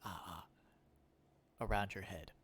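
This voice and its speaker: A man putting on a halting killer voice, stammering, stalling, repeating words, loud bursts, comic impression. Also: low voice, fairly even intonation, breathy edge, pitched below the performer's own voice, exaggerated voice. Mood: halting, menacing. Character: stammering halting male killer setting a deadly game.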